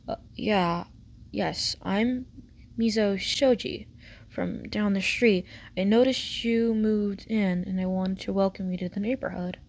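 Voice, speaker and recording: A woman voicing a tall, shy teenage boy neighbor who speaks in a low, flat, hesitant and polite way. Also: measured pace, lightly acted.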